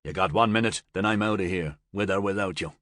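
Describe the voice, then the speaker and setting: A gruff, blunt smuggler who drawls his orders in a low, dry voice, as a male narrator puts him on. The delivery is slow and curt, with no warmth, in a close, dead-sounding recording. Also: no echo. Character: gruff tough man, a smuggler driver.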